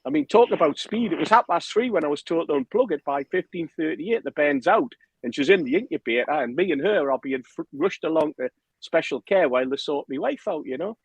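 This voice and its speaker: A man telling a lively anecdote on a podcast, acting out the other people's lines. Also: a little high, a little fast, slightly rough, poor audio. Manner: animated storyteller, acts out quotes, laughs often. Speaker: podcast guest telling a story. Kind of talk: casual anecdote.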